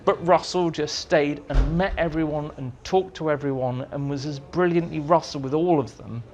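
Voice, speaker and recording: A man telling lively anecdotes as an interview guest, acting out the dialogue in his stories, in a meeting room with an audience. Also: a little high, normal speed, slight background noise. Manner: animated storyteller, acts out dialogue. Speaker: interviewee, writer.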